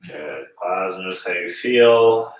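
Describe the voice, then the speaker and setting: Calm man instructor, echoey distant room. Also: sits low, slow pace. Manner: calm, gently guiding with breath cues. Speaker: qigong instructor. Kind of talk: guided movement class.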